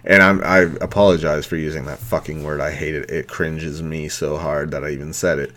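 A man's voice: extremely low pitch, fairly even intonation, a little fast, a bit bright. A middle-aged man hosting a podcast, ranting angrily with constant swearing and mocking voices. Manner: angry, heavy swearing, mocking quotes. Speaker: podcast host. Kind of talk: profane rant.

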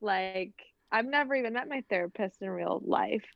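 A woman's voice: mid-range voice, moderate pace, creaky, dry recording, dull audio. A woman in casual podcast chat, giggling often and filling her talk with "like". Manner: giggly, filler-heavy talk with many "like"s.

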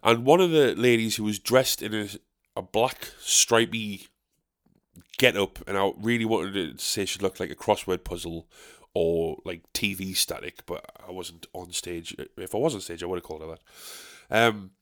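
Ranting North East English comedian man. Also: moderate pace. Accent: North East English (South Shields). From South Shields, England. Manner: exasperated ranting, swearing, with sharp high-pitched "what?" outbursts. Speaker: stand-up comedian. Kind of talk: casual monologue podcast.

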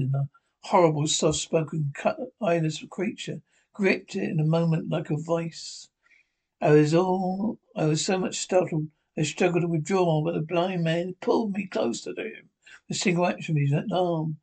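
A man's voice: on the high side, moderate pace, darkish tone, slightly rough. A man reading a novel aloud as narrator, stumbling and restarting often. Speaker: audiobook narrator.

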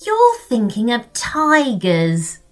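A woman's voice: on the high side, wildly swooping pitch, slow, faint music behind, voice pushed up, exaggerated voice. A woman voicing Carney, an insistent know-it-all young boy.

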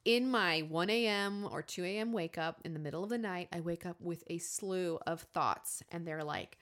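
A woman in her thirties co-hosting a podcast, telling a personal story candidly and acting out her inner voices with sudden jumps in pitch. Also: normal speed, a bit bright. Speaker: podcast co-host.

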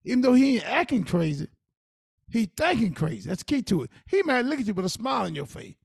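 A man's voice: high voice, big pitch swings, fast, vocal fry, breathy edge, dry recording, studio quality. A man co-hosting a podcast, giving earnest, preachy advice in casual talk. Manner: earnest, preachy advice with Southern Black vernacular. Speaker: podcast co-host.

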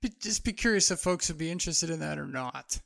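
Gravelly-voiced male podcast co-host. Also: a little high, lively intonation, quick pace, fairly bright tone. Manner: laughs easily, rambling with fillers. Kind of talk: casual chat.

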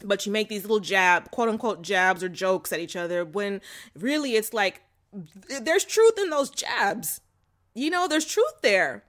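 A woman's voice: mid-range voice, expressive, measured pace, fairly bright tone. Chatty woman giving frank advice. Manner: chatty and candid, laughs often, fillers like "like" and "you know"; frank and slangy. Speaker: vlogger giving relationship advice. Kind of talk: casual chat to camera.

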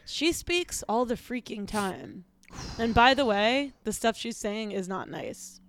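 A woman's voice: fairly high pitch, expressive, slow pace. A woman playing an awkward sixteen-year-old talk-show host. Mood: grumbling. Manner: awkward, self-conscious, trailing off into asides. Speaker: host of a comedy podcast. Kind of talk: scripted comedy podcast.

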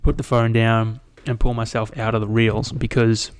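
A man's voice: mid-range voice, normal speed, slight background noise. Rambling, swearing Australian guy. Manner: rambling, swears a lot, animated retelling. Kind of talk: casual solo chat.

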